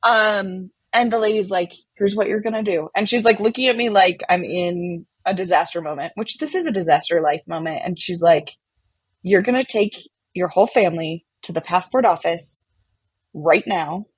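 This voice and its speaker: A woman telling a personal story in a casual, animated way, often saying "like". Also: fairly low pitch, moderate pace, husky, no echo, low-quality recording. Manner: animated, chatty, many fillers like "like". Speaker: podcast guest telling a story.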